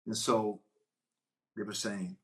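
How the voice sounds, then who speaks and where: A man, an actor, telling stories from a film shoot in a casual, animated way, often restarting his sentences. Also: on the low side, takes it slowly. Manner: animated, rambling, frequent restarts. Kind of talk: casual anecdotal storytelling.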